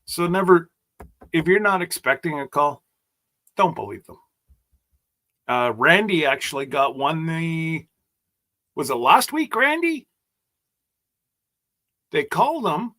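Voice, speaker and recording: A man's voice: a little high, big pitch swings, slow pace, pauses often, sharp tone. A man hosting a casual livestream chat, rambling and joking as he stumbles over his words. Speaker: host.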